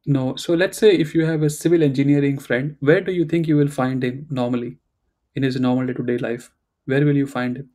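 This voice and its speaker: Guy running an online german class over a call, warm mellow tone, patient and coaxing. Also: mid-range voice, steady tone, a little fast. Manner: patient, coaxing, corrects pronunciation. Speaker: German teacher. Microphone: video call.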